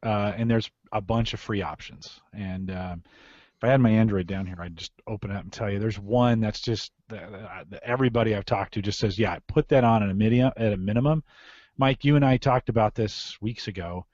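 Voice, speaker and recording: A man's voice: fairly low pitch, normal speed, a little mellow, dry recording. Male podcast host, chatty and casual; dry, slightly muffled audio. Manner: chatty, self-correcting. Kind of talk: casual tech podcast chat.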